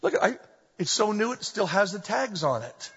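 A middle-aged man preaching a sermon, animated and full of humorous storytelling, recorded in a church hall. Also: high voice, normal speed, vocal fry, breathy edge. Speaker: pastor. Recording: dull echoey hall recording.

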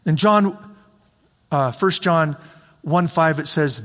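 A man's voice: fairly high pitch, takes it slowly, pauses often, a bit bright. A man preaching a sermon as pastor, in a conversational way that repeats phrases for emphasis. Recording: long reverb of a large hall.

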